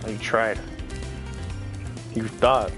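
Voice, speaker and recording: A man's voice: on the low side, fairly even intonation, slow. A man giving casual, rambling let's play commentary, filled with "like.". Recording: game music playing underneath.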